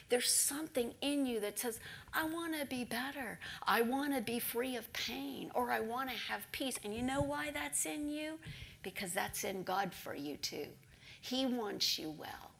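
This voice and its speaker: A woman preaching a sermon, telling a story with animation and dropping into hushed whispers for emphasis. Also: medium pitch, creaky.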